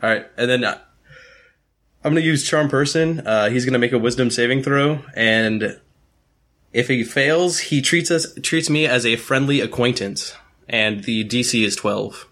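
A man's voice: medium pitch, normal speed, fairly bright tone. Sweet-talking man playing a charmer. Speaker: player. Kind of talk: in-character tabletop role-play.

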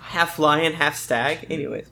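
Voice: medium pitch, a little slow, sharp tone, slight background noise. A podcast co-host chatting casually, rambling with hesitations as the story is retold. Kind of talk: casual recap chat.

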